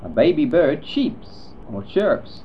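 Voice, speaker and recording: A man slowly reading an animal-sounds lesson, naming each animal in turn, in a muffled lo-fi recording. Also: on the high side, sing-song. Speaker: narrator. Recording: muffled lo-fi recording, faint hiss.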